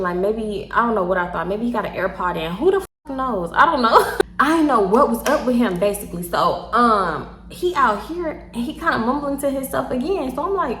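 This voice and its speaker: Young tipsy Houston woman, animated storyteller, a little high-pitched, echoey room. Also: fairly quick. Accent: Southern US, Houston. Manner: animated, laughs often, swears freely, acts out quotes. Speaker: storytime vlogger. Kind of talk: casual storytelling.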